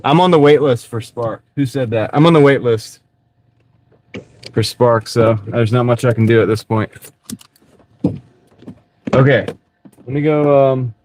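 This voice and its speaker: A man chatting casually on a live stream while he drives deliveries, greeting viewers by name in a relaxed, rambling way. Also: medium pitch, moderate pace. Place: inside a moving car. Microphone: wireless clip-on mic. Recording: clear car road noise. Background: car and road noise.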